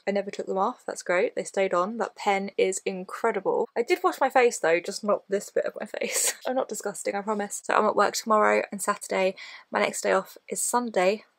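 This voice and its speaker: A woman's voice: mid-range voice, steady tone, fairly quick, creaky, no echo. A young woman, chatting casually and bluntly to camera in a daily vlog, swearing now and then. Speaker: vlogger.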